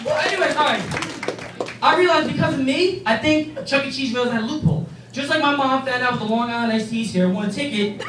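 A young man doing a stand-up set on a club stage, rambling and profane with animated asides. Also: very high voice, fast talker, distant mic, very noisy. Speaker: stand-up comedian. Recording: echoey room from afar, crowd.

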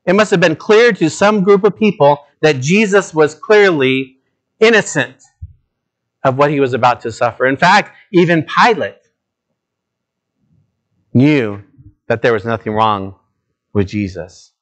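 Earnest male pastor preaching with dramatic contrasts. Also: lively intonation. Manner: dramatic shifts between low, slow emphasis and raised, urgent appeals; earnest, direct address to listeners. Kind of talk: sermon.

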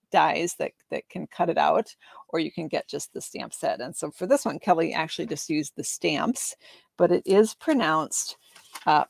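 A woman leads a relaxed craft tutorial, chatty and upbeat. Her voice sits fairly low with a gravelly edge, and the sound is close and dry. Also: dry recording. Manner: chatty and upbeat, with frequent laughs. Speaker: craft demonstrator. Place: home craft room under a ring light.

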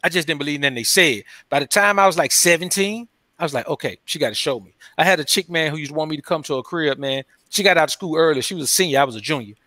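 Brief: male interview guest, loose slangy storyteller, fairly high bright voice. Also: rapid-fire, no room sound, clean studio sound. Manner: loose, slangy storytelling, says "man" constantly. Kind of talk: casual interview talk.

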